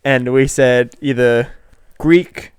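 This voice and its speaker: A man's voice: takes it slowly, smooth, no room sound, clean studio sound. A young man, co-hosting a casual podcast chat and telling rambling stories with lots of fillers. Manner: rambling storyteller who jumps pitch acting out quotes. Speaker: podcast co-host.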